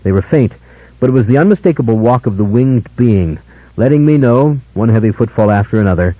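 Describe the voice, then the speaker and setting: A man narrating an unabridged audiobook in a measured, dramatic first-person style. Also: on the low side, dry recording. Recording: dull lo-fi older audiobook, dry.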